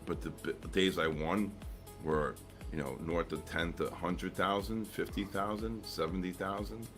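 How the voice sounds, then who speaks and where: A middle-aged man with a very deep, low voice tells rambling stories between trades on a live stream, full of "um"s and restarts. Faint music plays underneath. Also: fairly even intonation, moderate pace. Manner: rambling storyteller, many fillers and restarts. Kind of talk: casual chat.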